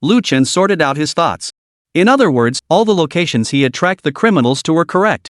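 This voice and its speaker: A man giving scripted story narration as a recap narrator, reading at a steady, even pace. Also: on the high side, a little fast, no echo, studio quality.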